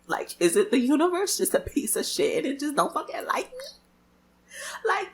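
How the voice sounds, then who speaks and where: A young woman talking straight to her viewers in casual storytelling, her voice gravelly and swinging up and down a lot. She is loud and expressive, swears freely and drags out her exclamations. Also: high-pitched, moderate pace. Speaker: vlogger.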